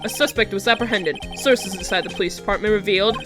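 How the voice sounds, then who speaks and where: A woman's voice: mid-range voice, fast, fairly bright tone, soft background music, close to an everyday voice. A woman voicing a TV news anchor in a video game, reading a bulletin in a formal newsreader manner.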